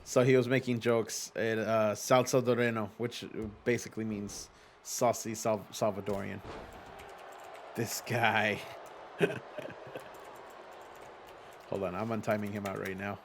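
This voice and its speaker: Animated man chatting on a livestream. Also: lowish voice, measured pace, long pauses, background noise. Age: adult with young children. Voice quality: animated, swears casually, laughs easily. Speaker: streamer hosting a simulated wrestling league. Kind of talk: casual livestream chat, reading viewer messages aloud. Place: home streaming setup with a green screen.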